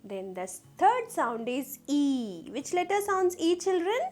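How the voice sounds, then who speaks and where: A woman teaching a children's phonics lesson, slowly sounding out letters and asking the class questions. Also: high voice, very animated, darkish tone, faint music behind.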